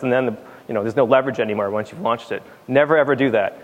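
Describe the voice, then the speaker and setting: A man's voice: medium pitch, racing, highs cut off. A man giving a casual conference talk on stage, emphatic and fond of repeating words for stress. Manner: casual with fillers and restarts. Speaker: conference speaker. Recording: long hall reverb.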